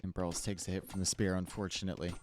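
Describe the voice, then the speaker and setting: A man's voice: low-pitched, level tone, racing, a little mellow, a little hiss or hum. A man casting a live strategy-game match, laid-back and chatty, teasing his live chat between plays. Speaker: tournament caster. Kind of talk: live esports commentary mixed with chat banter.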